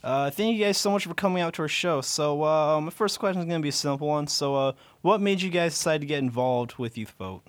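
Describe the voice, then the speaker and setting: A man's voice: a little high, quick pace, hardly any pauses. A man hosting a radio show, chatting casually with guests in the studio and using filler words.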